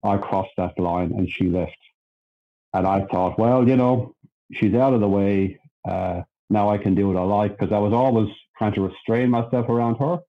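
A man's voice: lowish voice, moderate pace, lo-fi sound. An Irish man, a podcast guest, telling his own story in a plainspoken, self-deprecating way. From Ireland. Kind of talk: candid storytelling chat.

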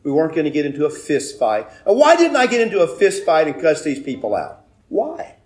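A man preaching a sermon, telling a personal story with loud emphatic bursts and quiet asides. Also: fairly high pitch, huge pitch swings, fast talker. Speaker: pastor.

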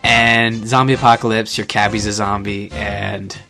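A man's voice: lowish voice, level tone, moderate pace, over music. A man co-hosting a casual podcast, rambling and self-deprecating, restarting his sentences. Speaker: podcast co-host.

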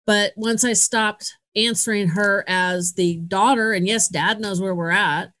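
A woman's voice: medium pitch, steady tone, unhurried, fairly bright tone. A middle-aged woman hosting a podcast, telling a story in a casual, candid and self-mocking way, laughing often. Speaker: podcast host.

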